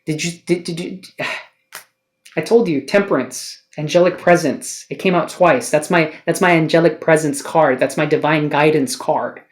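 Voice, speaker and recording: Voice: medium pitch, normal speed. A tarot card reader giving an emotional spiritual reading to camera, earnest and pleading, swearing casually and firing off rhetorical questions.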